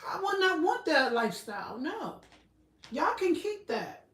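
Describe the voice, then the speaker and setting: A woman's voice: very high voice, big pitch swings, a little slow, a bit bright. A woman chatting casually on a livestream, blunt and profane. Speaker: livestream host. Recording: roomy echo, slightly far from mic.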